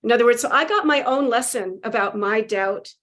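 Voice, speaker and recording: A woman guest telling a spiritual story with animated emotion, acting out quotes and laughing. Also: fairly high pitch, brisk.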